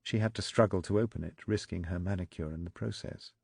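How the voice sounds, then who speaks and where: A man narrating a political thriller audiobook in a measured, even storytelling manner. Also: deep voice, vocal fry, husky, dry recording, studio quality. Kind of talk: scripted narration.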